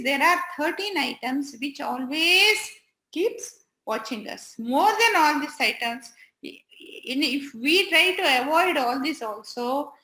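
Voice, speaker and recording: High-voiced woman telling a devotional story. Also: bright, forceful tone, roomy sound, low-quality recording. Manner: chatty, halting, with many restarts and fillers.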